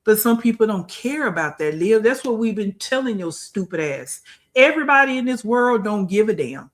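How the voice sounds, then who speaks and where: A woman's voice: mid-range voice, expressive, normal speed. A woman hosting a reaction livestream, scolding bluntly, repeating phrases for emphasis and greeting her live chat. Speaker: livestream commentary host.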